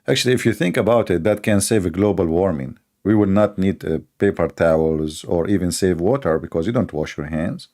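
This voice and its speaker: A middle-aged man speaks English, hosting a sarcastic commentary show. His somewhat low voice has a gravelly edge, and he mocks his subject while laughing at his own jokes. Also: a little fast, few pauses, warm tone. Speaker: show host. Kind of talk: mocking commentary.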